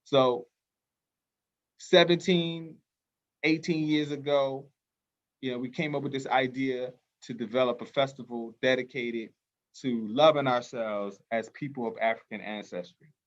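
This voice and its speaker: A man who hosts a community festival, leading a call-and-response chant with quiet answers, then speaking with earnest passion and many fillers. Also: medium pitch, fairly even intonation, unhurried, highs cut off. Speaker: festival organizer and host. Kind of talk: libation call-and-response, then heartfelt talk.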